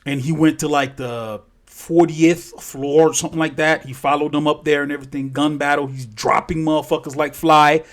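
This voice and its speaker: A man recounts a story in a loose, unscripted way, swearing freely. He wanders and corrects himself as he goes, in a voice pitched somewhat high for a man. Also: fairly even intonation, moderate pace, hardly any pauses. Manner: profane, rambling, self-correcting. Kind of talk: casual spoken storytelling.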